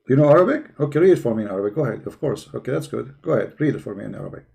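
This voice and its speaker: Gravelly dark-voiced guy running a debate call, talks quick and pushy. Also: mid-range voice, lively intonation. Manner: fast, pushy, switching between English and Arabic recitation. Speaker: debate host. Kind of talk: live online debate call.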